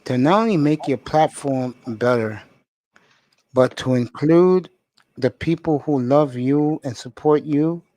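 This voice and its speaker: A man's voice: fairly high pitch, takes it slowly, dark tone, dry recording. A man hosting a casual live chat, affectionate and emotional with his guest. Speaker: host.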